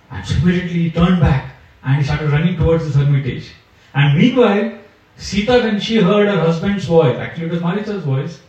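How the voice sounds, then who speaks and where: A man, a spiritual teacher, telling a scripture story at a retreat in an animated way, recorded from a distant mic in a large echoey hall. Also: fairly high pitch, highs cut off. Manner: animated storyteller, acting out characters.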